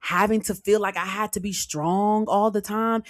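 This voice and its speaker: A woman's voice: medium pitch, fairly even intonation, normal speed, hardly any pauses, no echo, clean studio sound. A young woman, hosting a casual storytime podcast and calling listeners girl, child and honey. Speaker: podcast host.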